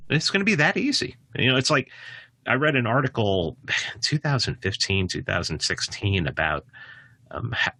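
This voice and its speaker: As a podcast guest, a man with a husky voice and vocal fry talks at a moderate pace in casual conversation. He often restarts and suddenly leaps up in pitch with animation, on a dry recording.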